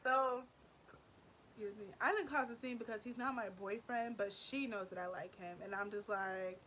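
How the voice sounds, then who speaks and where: A woman in her twenties tells a storytime vlog with lots of emphasis. Her voice sits at a middle pitch and keeps a chatty, animated flow. She fills her talk with "like" and "you know". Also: fairly quick, a little hiss or hum. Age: 20s. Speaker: vlogger.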